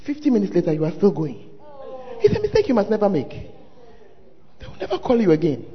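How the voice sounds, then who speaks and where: A man preaching a sermon as pastor, animated, with sudden shouted exclamations. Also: high voice, brisk. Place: large church hall. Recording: dull sound with long hall reverb. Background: faint congregation.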